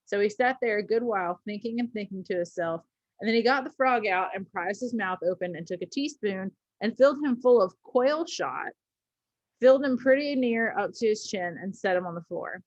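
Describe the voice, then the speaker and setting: A woman's voice: mid-range voice, expressive, moderate pace, dry recording, dull audio. A woman teacher reading a story aloud to a class, with casual asides and small slips.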